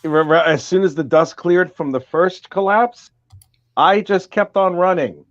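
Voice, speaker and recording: A man chatting on a stream, recounting a memory in a halting way with many restarts. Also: high-pitched, muffled recording. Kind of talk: casual chat, recounting a memory.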